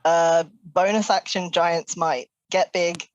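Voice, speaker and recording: A woman with a lowish voice playing a tabletop game, speaking slowly and laughing easily. Her voice sounds dry and close. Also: steady tone, no room sound, muffled recording. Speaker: player.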